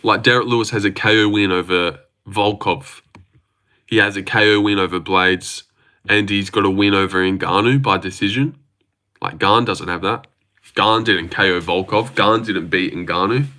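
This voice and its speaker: A man's voice: lowish voice, normal speed, pushed and bright. A man chatting casually on a livestream, rambling, swearing freely and reading out chat messages. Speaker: livestream host.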